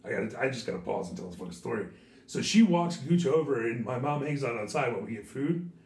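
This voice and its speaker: A hoarse man with a craggy, sore throat hosts a podcast, swearing and telling stories in a casual chat. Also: mid-range voice, fast talker. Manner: animated, swearing, storytelling. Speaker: podcast host and teacher. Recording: echoey room, distant mic.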